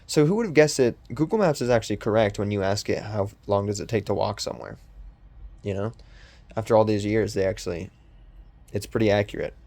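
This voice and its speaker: A man's voice: on the low side, animated, fairly quick, darkish tone. A young man hosting a podcast, rambling casually with lots of ums and restarts, in a voice that sounds sarcastic. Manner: meandering, with many ums and restarts. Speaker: podcast host.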